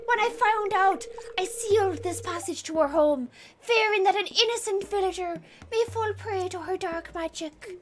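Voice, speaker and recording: A woman voicing an old male wizard in a hushed, theatrical put-on Irish accent, reading game dialogue aloud. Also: very high-pitched, normal speed, hardly any pauses. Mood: solemn, hushed. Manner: hushed, lilting, theatrical storytelling.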